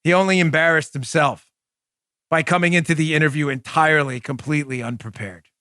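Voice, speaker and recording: High-pitched emphatic male podcast host. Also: a little fast, sharp tone, no echo, studio quality. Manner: emphatic, sarcastic, puts on voices for others. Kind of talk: animated political commentary.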